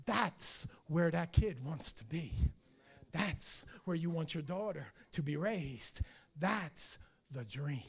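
A man preaching a fiery sermon, his voice pitched high with a gravelly edge. He swings from hushed, quiet lines to shouted ones, animated all the way through. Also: slow. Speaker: pastor.

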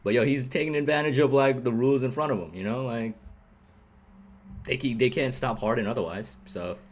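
A man co-hosting a sports podcast, talking in a rambling, animated way, laughing often and asking "you know what I mean" again and again. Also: medium pitch, brisk. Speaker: podcast co-host. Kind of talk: casual sports chat.

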